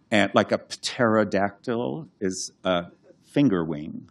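A man, a classicist and translator, giving an unscripted talk, explaining slowly with many restarts and fillers and humming out verse rhythms. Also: low-pitched.

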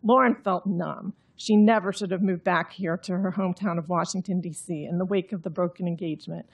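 Understated, husky-voiced woman author. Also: on the low side, steady tone, a little fast. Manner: understated and droll. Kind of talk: reading her novel aloud, then explaining.

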